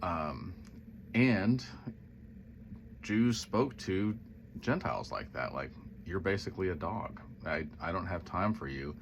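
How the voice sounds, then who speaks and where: A man's voice: low-pitched, expressive, slow, pauses often, slight background noise. A man casually reflecting on a Bible passage, retelling it in a conversational way with quoted voices and musing asides. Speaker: Christian social media speaker.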